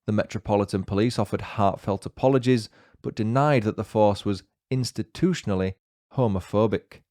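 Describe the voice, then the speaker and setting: A man with a northern English accent hosting a podcast, narrating in a measured, scripted way with dry, wry asides. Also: lowish voice, dark tone, dry recording. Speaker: podcast host. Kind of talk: scripted true-crime narration.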